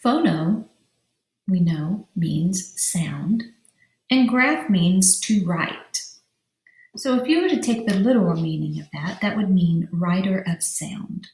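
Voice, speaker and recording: Woman teacher, slow careful delivery, drawn-out syllables, roomy echo. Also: on the low side, expressive, darkish tone. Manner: slow, drawn-out syllables, spelling letters aloud. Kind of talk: vocabulary lesson for young children.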